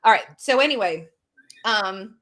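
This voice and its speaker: Bright-voiced woman telling stories. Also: mid-range voice, unhurried. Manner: animated storytelling with many fillers and restarts. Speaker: podcast co-host. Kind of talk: casual chat.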